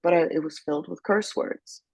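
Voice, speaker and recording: Gravelly low-voiced woman from Afghanistan. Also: darkish tone, dry recording. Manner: candid, emotional, halting with restarts. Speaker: interview guest. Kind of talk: personal testimony storytelling.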